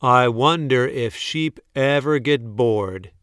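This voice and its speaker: Guy doing a bored little shepherd boy, whiny and drawn out, loud, clean dry sound. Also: mid-range voice, clean tone, no room sound. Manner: drawn-out complaining, shouting when crying wolf. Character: bored young shepherd boy, restless and mischievous. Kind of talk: storybook read-aloud.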